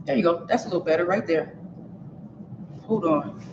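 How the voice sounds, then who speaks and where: Her voice is fairly low and creaky, her pace moderate, as she hosts a relaxed live cooking stream in her home kitchen and chats directly with viewers. The stand-mounted stream camera picks up roomy, dull room sound plus background noise.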